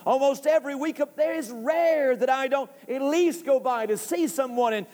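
A man preaching an impassioned sermon as pastor, rising to shouts at its peaks. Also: very high-pitched, moderate pace. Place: church sanctuary. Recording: church hall reverb.

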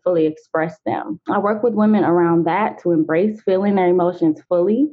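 A woman guest who works as an emotional wellness coach, speaking in a measured, thoughtful way in a podcast conversation and laughing easily. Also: fairly low pitch. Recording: phone-like lo-fi sound.

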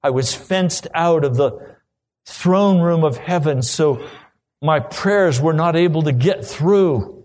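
A man's voice: a little high, slow pace, darkish tone. A man preaching a sermon, telling his own testimony earnestly and then pressing urgent questions on the listener.

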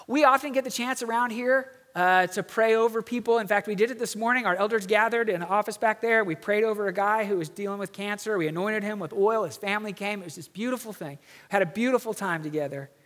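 A middle-aged man, a pastor, telling a story in an earnest sermon and slowing down for emphasis. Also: sits high, a bit bright, big-room sound.

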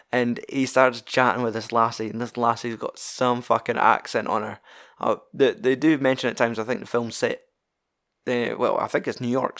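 A man's voice: mid-range voice, a bit bright. A man with a Scottish accent recapping a film plot in a casual, rambling way, swearing freely and laughing as he goes. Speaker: film reviewer.

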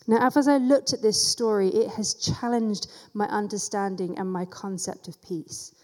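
Mellow-voiced woman teaching in a hall. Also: medium pitch, steady tone, normal speed. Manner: conversational Bible teaching with casual asides. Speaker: church teacher. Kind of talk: sermon.

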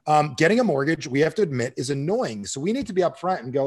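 A middle-aged man coaching on sales and dating talk in a casual podcast chat, acting out sample pitches as he goes. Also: sing-song, quick pace, hardly any pauses, darkish tone, husky. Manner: demonstrates scripts, shifting into a pitch voice. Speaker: sales and real estate coach.

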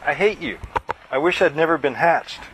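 A man voicing a rude, bratty young male alien bird in a storybook reading, with sneering, rapid taunts. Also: fairly high pitch, lively intonation, a bit bright, a little hiss or hum, voice pushed up, poor audio. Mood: sulky.

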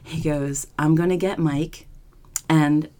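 Low-voiced woman telling a story. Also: slow. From Philadelphia. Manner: animated, acts out quoted voices. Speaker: guest. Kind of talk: casual storytelling.

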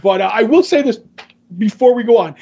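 Man, high voice, animated comic book podcast host, muffled lo-fi recording. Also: a little fast, husky. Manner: animated retelling, acts out quotes. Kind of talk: casual comic book discussion. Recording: dull lo-fi sound.

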